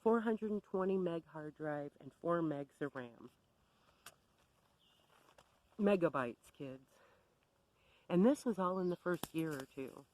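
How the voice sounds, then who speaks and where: A woman's voice: on the low side, expressive, a little slow, darkish tone, dry recording, rough recording. A woman telling a story to camera in a sardonic, exasperated rant. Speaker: vlogger.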